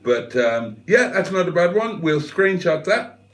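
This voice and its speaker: An older man hosts a casual livestream, reading viewers' comments aloud and trading cheeky, self-mocking jokes. His voice sits a touch higher than most men's and moves quickly through each aside. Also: big pitch swings, reverberant. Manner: jokey, teasing, self-deprecating banter. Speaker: livestream host.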